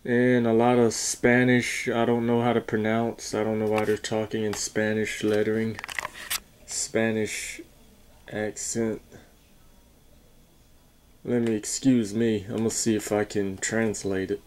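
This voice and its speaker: A man talking casually and haltingly as he reviews a coin, stopping to correct himself. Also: lowish voice, completely flat delivery, a little hiss or hum. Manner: slow, halting, unsure talk with fillers and self-corrections.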